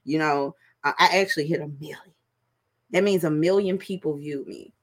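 A middle-aged woman hosting a podcast, talking casually and profanely to her viewers, with drawn-out fillers. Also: deep voice. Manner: loose, profane, drawling with fillers. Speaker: podcast host.

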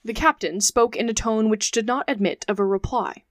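A woman's voice: a little high, no echo. Woman narrating a classic novel, dry sound. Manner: measured, phrase-by-phrase reading. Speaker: podcast host reading a classic novel. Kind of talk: audiobook narration.

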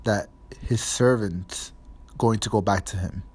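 A man's voice: fairly low pitch, a little slow, darkish tone, slightly rough. A man voicing an anxious teenage boy who stammers. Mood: agitated.

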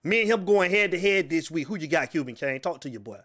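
A man's voice: fairly high pitch, expressive, fast talker. A man hosting a sports call-in show, trash-talking and laughing at a caller. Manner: loud, teasing, laughing. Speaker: show host. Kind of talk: casual sports trash talk.

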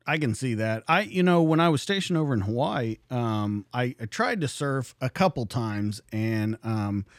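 A man's voice: medium pitch, animated, normal speed, no echo, clean studio sound. A male interview host asking questions in an inquisitive, conversational way. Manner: inquisitive, conversational, some restarts. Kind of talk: podcast interview.

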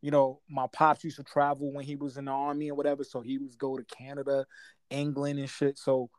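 A man in his forties from Guyana, telling stories in a casual chat, animated and laughing, full of street slang. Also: medium pitch, a little fast, no echo.

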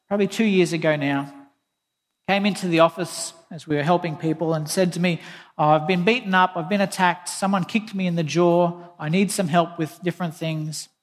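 A pastor with a high-pitched voice preaches an earnest sermon that blends scripture quotations with a plain personal story. A long reverb surrounds him, as though he stands in a large hall.

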